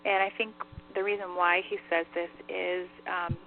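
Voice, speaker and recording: A woman's voice: lowish voice, level tone, normal speed. A woman working as a medium on a call-in radio show, relaying spirit messages in a chatty way, laughing easily and saying "like" often. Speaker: psychic medium. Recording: tinny phone line with faint hiss.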